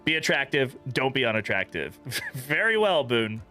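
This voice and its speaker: A young man talks through his gameplay in a loose, chatty way, cursing and laughing as he goes. His voice is bright and forward, sitting in an ordinary register. Faint game music plays behind him. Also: mid-range voice, big pitch swings, moderate pace. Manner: chatty, profane, laughs often. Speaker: gaming streamer. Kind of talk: casual let's-play commentary.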